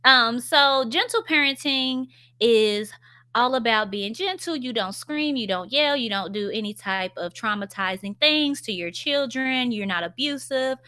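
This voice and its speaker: A young woman speaking casually and candidly to her followers, sharing her experience as a stay-at-home mom. Her voice sits a little high and rings brightly. She fills pauses with "um" and laughs easily at herself. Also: animated. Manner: chatty and candid, frequent "um" fillers, laughs at herself. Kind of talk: casual confessional vlog to followers.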